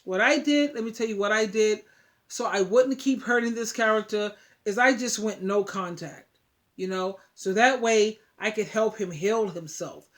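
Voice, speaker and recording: An emphatic woman talks straight to her viewers in a casual vlog. She preaches and drives points home, repeating words for weight. Her pitch sits in the middle range. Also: normal speed. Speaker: advice vlogger. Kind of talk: casual talk to camera.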